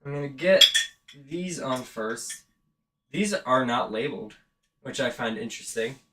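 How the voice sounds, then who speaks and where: A man's voice: medium pitch, animated, unhurried, noisy background. A man chatting casually and rambling a bit about haunt acting while setting up an animatronic indoors. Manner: rambling, self-aware. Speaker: vlogger and haunt actor. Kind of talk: casual chat.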